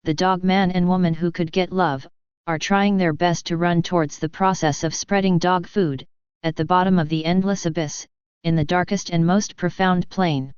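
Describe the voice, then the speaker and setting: A woman reading a fantasy audiobook in steady, scripted narration. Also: lowish voice, moderate pace, smooth, no room sound. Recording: slightly dull, dry studio sound.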